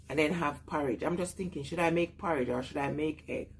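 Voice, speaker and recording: A woman's voice: sits low, a little fast, slightly rough. A woman with a Jamaican accent chatting casually on a live stream, greeting viewers and laughing often.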